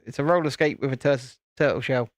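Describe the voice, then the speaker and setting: A British man hosts a live stream, building a toy set while chatting playfully and casually with his viewers. He talks fast in a medium-pitched voice, often halting and restarting his sentences, with no room sound.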